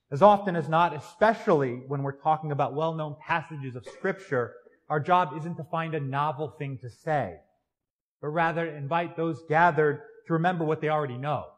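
An American man, a priest, giving a conversational Christmas Eve sermon in a church, joking with the congregation. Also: on the high side. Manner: conversational and joking, with tag questions.

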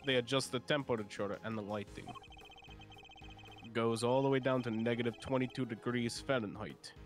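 A man's voice: medium pitch, steady tone, normal speed, soft background music, close to an everyday voice. A man voicing a blunt, sarcastic male confectioner in a fan dub of a game, curt and mocking.

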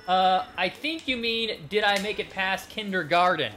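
Man in a fake country drawl, bright. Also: high-pitched, moderate pace, faint music behind. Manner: exaggerated put-on country drawl, ranting and yelling. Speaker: game streamer. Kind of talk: live game stream commentary.

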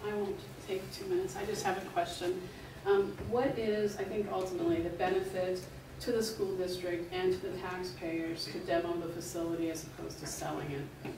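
Woman, low and gravelly, direct questioner, distant echoey room with noise. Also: level tone, normal speed. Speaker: resident speaking at public comment. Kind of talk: public comment at a school board meeting. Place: large meeting room.

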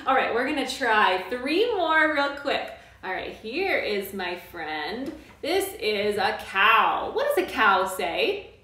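A woman teaching a live online music class for small children, speaking in a bright, coaxing, sing-song way. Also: fairly high pitch, sing-song, slow. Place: indoors at home during quarantine. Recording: very echoey room, mic at a distance.

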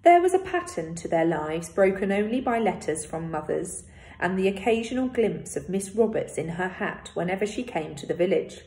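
A woman's voice: medium pitch, normal speed. Woman reading a story aloud. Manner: steady, expressive reading. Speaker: teacher reading a novel aloud. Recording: roomy echo.

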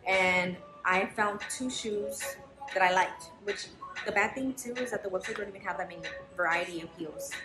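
A woman's voice: medium pitch, moderate pace. Frank, foul-mouthed young woman vlogging. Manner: frank, swears freely, chatty storytelling. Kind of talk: casual chat to camera. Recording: roomy echo with background music.

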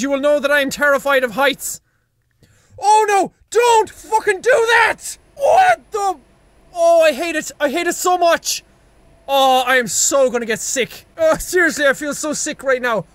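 A young Irish man giving loud, panicky let's-play commentary, yelping, laughing and swearing at a scary game. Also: extremely high pitch, normal speed, no echo. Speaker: gaming video host.

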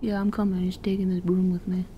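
A woman's voice: fairly low pitch, flat delivery, fast, dull audio, slight background noise. A woman streamer giving casual, playful commentary while playing a game, giggling and swearing freely. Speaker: gameplay streamer.

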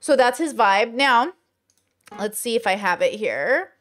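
A woman's voice: on the high side, expressive, measured pace, a bit bright. A woman hosting casual commentary, talking in a chatty way with many fillers and rhetorical questions. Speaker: commentary host.

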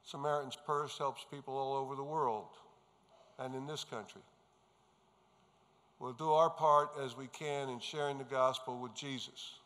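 A man's voice: mid-range voice, steady tone, normal speed, a bit bright. A man from New York giving an earnest, emphatic testimony speech to a gathering of pastors, telling his story as he goes. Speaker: conference speaker. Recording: reverberant hall sound.

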